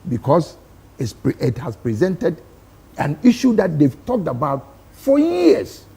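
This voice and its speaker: A Ghanaian man argues his point with force, his voice gravelly and pitched high for a man. His delivery swings widely up and down as he presses one rhetorical question after another in a studio debate. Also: huge pitch swings, a little slow, mellow. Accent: Ghanaian English. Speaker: studio guest.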